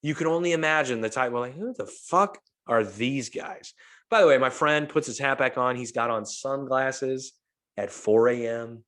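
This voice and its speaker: A man's voice: mid-range voice, normal speed. A man hosting a podcast, telling a long, profane party story in casual chat and acting out what people said. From St. Louis, USA. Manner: animated, profane, acts out quotes. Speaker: podcast host.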